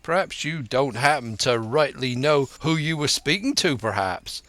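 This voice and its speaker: A man's voice: medium pitch, expressive, moderate pace, a bit bright, no room sound, natural voice. Long John Silver, a man doing a blustering pirate. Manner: hearty, blustering sea slang. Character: loud crafty one-legged pirate cook, older man.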